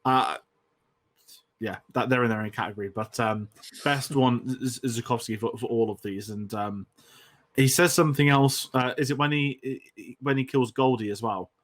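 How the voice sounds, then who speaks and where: A man's voice: mid-range voice, a bit bright. Guy on a movie podcast, keeps stumbling and restarting, laid back chat. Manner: hesitant, halting with restarts. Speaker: podcast co-host. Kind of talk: casual film chat.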